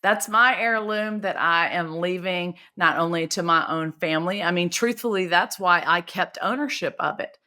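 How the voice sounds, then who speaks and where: A woman's voice: lowish voice, moderate pace, hardly any pauses, bright, forceful tone. A woman hosting a podcast interview, chatty and telling stories with feeling. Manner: chatty storyteller, emotional about her work. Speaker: podcast host. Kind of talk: casual conversational interview.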